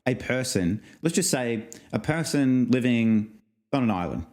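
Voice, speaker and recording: A man's voice: medium pitch, lively intonation, unhurried, darkish tone. A man co-hosting a podcast in casual chat, rambling through stories with frequent laughs. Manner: rambling storyteller, laughs often, uses fillers. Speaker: podcast co-host.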